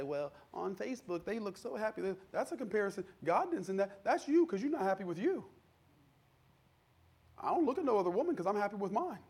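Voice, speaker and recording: High-voiced preacher man, conversational. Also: vocal fry, husky. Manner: conversational preaching, acts out quoted voices, builds to shouting. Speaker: pastor. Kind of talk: sermon.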